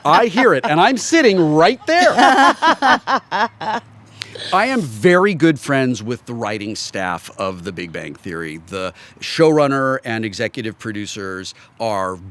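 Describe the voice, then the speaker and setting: A man telling anecdotes as a podcast guest, his pitch bouncing lively up and down. He sits at a middle pitch and chats casually, laughing as he goes. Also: unhurried. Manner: animated storyteller who laughs through his stories.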